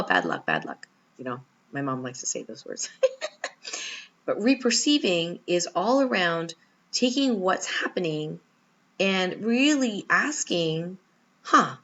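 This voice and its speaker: A woman giving a spiritual teaching talk with personal stories, told in an animated, storytelling manner. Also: low voice, slightly rough, muffled recording. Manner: warm, animated storytelling with laughs.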